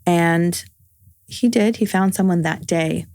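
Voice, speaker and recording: A woman's voice: fairly low pitch, takes it slowly, a little mellow, no room sound, studio quality. A woman in her forties, a podcast guest telling a personal story in casual conversation, earnest and full of reported dialogue. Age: 40s.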